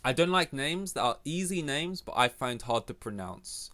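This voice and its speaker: A man's voice: mid-range voice, lively intonation, normal speed, sharp tone. A young man with an English accent, hosting a solo podcast and rambling through a casual, profane, self-mocking rant. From England. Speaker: podcast host.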